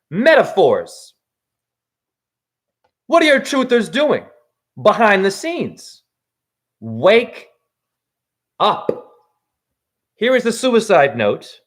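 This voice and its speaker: A man's voice: high-pitched, a bit bright. A man in his forties delivering an angry, accusatory video rant as a self-styled spiritual teacher, swearing freely. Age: 40s. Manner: angry, accusatory, emphatic ranting with profanity. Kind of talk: ranting video monologue.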